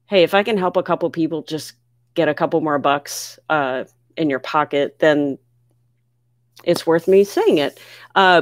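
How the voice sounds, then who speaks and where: A woman from the United States hosting a casual livestream, reading viewer comments aloud and answering questions in an excitable, chatty way. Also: deep voice, no room sound, clean studio sound. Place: home near Philadelphia.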